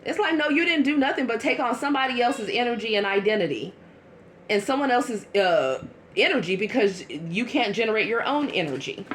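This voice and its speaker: A woman giving a casual tarot reading to her viewers, chatty and blunt, with quick asides. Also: a little high, lively intonation, fairly bright tone, slight background noise. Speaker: tarot reader.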